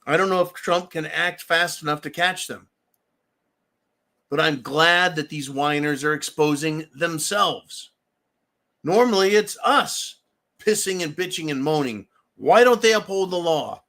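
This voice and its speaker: A middle-aged man hosting a show delivers a combative, profane political rant as a commentary monologue. His voice is on the high side and fairly bright, at a measured pace.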